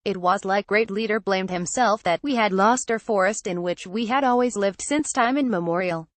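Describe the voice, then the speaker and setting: A woman's voice: mid-range voice, normal speed, no room sound. A woman narrating an audiobook in an earnest, naive first-person storytelling manner.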